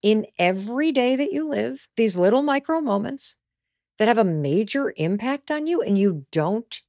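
Animated woman hosting a motivational podcast. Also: a little high, moderate pace, no room sound, studio quality. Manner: emphatic, animated storytelling with stressed key words. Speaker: podcast host.

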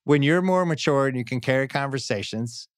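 A middle-aged man co-hosting a podcast, talking in a relaxed, wry, conversational way. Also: medium pitch, a little fast, no echo, clean studio sound. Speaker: podcast co-host. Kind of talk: casual chat and read ad.

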